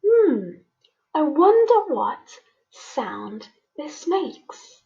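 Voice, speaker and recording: A woman teacher with a high, gravelly, dark voice swings widely in pitch as she runs a children's phonics lesson. The primary school teacher goes slowly in a sing-song way, coaxing young learners to repeat sounds, on a muffled recording.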